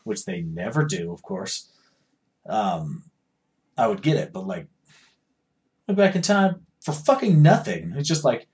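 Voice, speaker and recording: A man co-hosting a casual podcast, profane and animated, acting out dialogue in quick bursts. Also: fairly low pitch. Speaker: podcast co-host.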